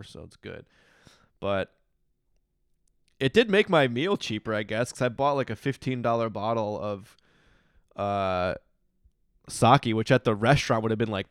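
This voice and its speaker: A man in his thirties talks to his podcast from a hotel room, slightly tipsy and yawning. He rambles and restarts, then breaks into emphatic outbursts. His voice is smooth and resonant, recorded dry and close. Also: on the low side, dry recording. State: drowsy and a little tipsy, yawning. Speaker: podcast host. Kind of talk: casual solo podcast monologue.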